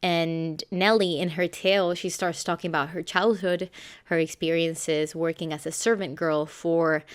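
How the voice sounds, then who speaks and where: Young woman, scripted book review, low smooth voice, measured and steady.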